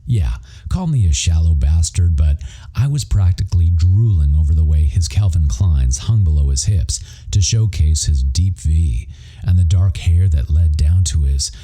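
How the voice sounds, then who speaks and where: A man's voice: extremely low pitch, mellow, breathy edge. A man narrating a romance audiobook in first person, wry, profane and self-mocking.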